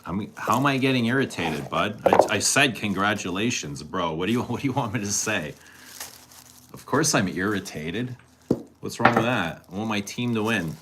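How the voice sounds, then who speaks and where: A man's voice: on the low side, animated, moderate pace, noisy background. A man chatting casually with his live-stream audience, teasing viewers and answering their questions. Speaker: fragrance streamer.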